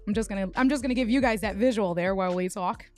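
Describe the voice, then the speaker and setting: A woman's voice: medium pitch, a little mellow, faint music behind. A woman hosting a casual livestream, telling a tech mishap story and greeting viewers by name with lots of restarts. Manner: tells stories with quick restarts. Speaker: livestream host.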